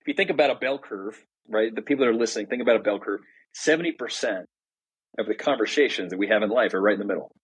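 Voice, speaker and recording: Husky middle-aged man, candid storyteller. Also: fairly low pitch, fast talker, poor audio. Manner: candid, animated explainer. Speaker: podcast guest, entrepreneur. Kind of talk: conversational storytelling.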